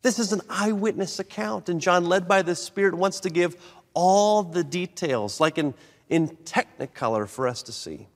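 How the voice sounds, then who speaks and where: A man preaching a sermon, animated, swinging between loud emphatic lines and soft low ones. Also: normal speed. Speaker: pastor. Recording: long reverb of a large hall.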